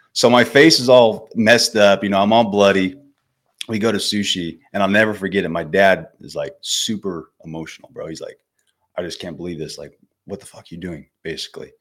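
A man in his twenties with a notably deep voice tells a story as a podcast guest. His delivery is casual and easygoing, full of swearing and slang like dude and bro. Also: fairly bright tone. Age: 20s. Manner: laid-back, swears freely, says dude and bro.

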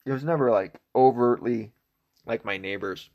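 A young man from Arkansas in the US South, with a faint Southern accent, rambles through a casual, profane monologue full of restarts. His voice is medium-pitched at a normal speed, and the audio sounds dull.

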